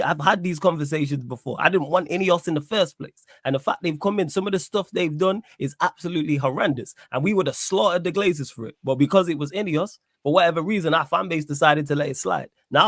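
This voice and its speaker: A man with a fairly high voice rants with heat on a football panel. His voice is dry and close to the mic. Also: no room sound. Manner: heated, ranting. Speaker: panelist, Manchester United fan. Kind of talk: casual football chat.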